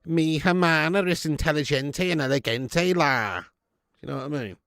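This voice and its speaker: A brash, swaggering Cuban Scouser, as a man hams him up, drawling slowly in a mock Scouse accent sprinkled with Spanish. The voice carries a gravelly rasp and sits in a dry, close-miked space. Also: a little high, a bit bright, no echo. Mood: cheeky. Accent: mock Scouse with Spanish words. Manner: drawling, swearing, slowed-down delivery.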